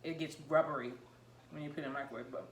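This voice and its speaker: A woman vlogging about home cooking, chatting excitedly and rambling while she tastes and eats her food. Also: deep voice, racing, roomy sound, a little hiss or hum. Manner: talking while eating, mouth full. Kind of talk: casual cooking vlog, tasting on camera.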